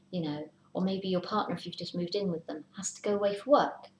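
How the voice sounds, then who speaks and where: A woman with a fairly low, slightly mellow voice talks fast with few pauses while giving a casual tarot reading. She's chatty and whispers to mimic worried inner voices; there's room echo and a faint hiss.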